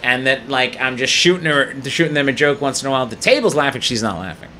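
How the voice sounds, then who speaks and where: A man, a guest comedian on a studio podcast, telling a profane story in an animated way, laughing often and acting out the people in it. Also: medium pitch, quick pace, a little hiss or hum.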